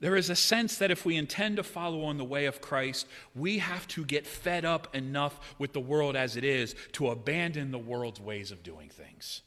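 A man preaching a sermon in a church, swinging between loud, raised cries and hushed, low passages. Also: expressive, moderate pace, few pauses. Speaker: pastor. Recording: long hall reverb.

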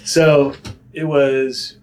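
A man in a casual interview, telling stories from his career at an animated pace. He fills his talk with "um" and "like", restarts his sentences, and often jumps into other people's voices. His pitch sits in a plain middle range. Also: drawn-out words, a little hiss or hum. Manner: animated storyteller, many fillers and restarts, acts out voices. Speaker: guest, director and actor.

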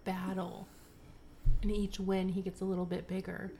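A woman's voice: mid-range voice, flat delivery, moderate pace, warm tone, slight background noise. A woman co-hosting a podcast, recapping a novel in casual chat, swearing freely and acting out the characters' lines. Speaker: podcast co-host.

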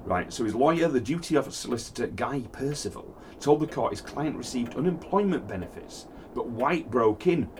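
A man's voice: medium pitch, animated, a little fast, hardly any pauses, a little mellow, slight background noise. A man hosting a casual chat, reading a news story aloud and often laughing.

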